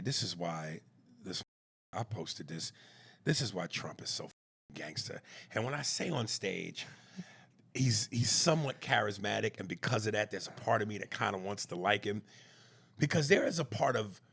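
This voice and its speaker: A man's voice: lowish voice, expressive, normal speed, vocal fry, fairly bright tone, slightly rough. A man co-hosting a podcast in casual chat, blunt and profane, punching his key words hard. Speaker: podcast co-host.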